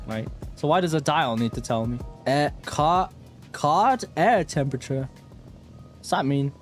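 Animated young male gaming streamer. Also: on the high side, soft background music. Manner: animated, jokey, quick swings between mock calm and yelling. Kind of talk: live gameplay commentary.

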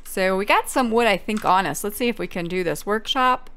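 A woman's voice: mid-range voice, fairly quick, fairly bright tone, clear, resonant tone. A woman hosting a game playthrough, chatting through each step as she plays. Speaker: gaming channel host. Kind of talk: let's play commentary.

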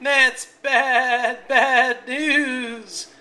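A reader voicing a flock of worried sheep, high and loud with a bleating edge. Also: level tone, very slow, exaggerated voice.

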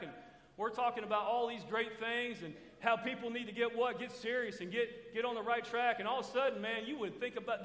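High-voiced preacher in an echoey church. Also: male voice, fairly bright tone. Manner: call-and-response preaching, has the congregation finish his sentences. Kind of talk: sermon. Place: church sanctuary. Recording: echoey hall with long reverb.

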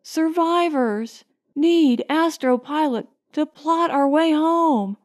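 A woman's voice: high voice, slow, darkish tone, voice pushed up. A woman narrator voicing a desperate, exhausted stranded woman who pleads weakly and gasps. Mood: pleading. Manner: weak, gasping pleading.

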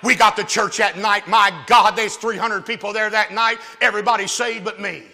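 A man giving his testimony to a church youth rally, telling it as comic, animated preaching that swings from hushed asides to shouting. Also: high-pitched, normal speed, faint music behind. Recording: long hall reverb from a church venue.

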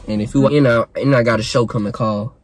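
A man's voice: mid-range voice, fairly even intonation, fast talker, no echo. A young man who talks to his viewers in a casual, slangy, easygoing way over a webcam. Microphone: webcam on a video chat.

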